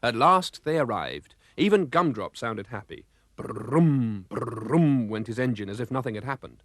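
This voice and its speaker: A man narrating a children's storybook cartoon, expressive and voicing the sound effects himself. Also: medium pitch, normal speed, dry recording.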